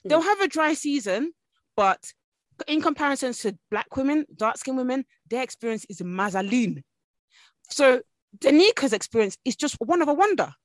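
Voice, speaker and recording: A woman's voice: high voice, expressive, moderate pace, dry recording. A woman hosting a podcast in casual chat, chatty and full of restarts. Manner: chatty, restarts often, says "you lot". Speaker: podcast host.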